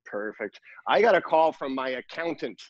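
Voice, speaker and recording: A man's voice: mid-range voice, expressive, moderate pace, dry recording, dull audio. Rambling man hosting a podcast. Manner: rambling, joking storyteller. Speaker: podcast co-host. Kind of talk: casual podcast chat.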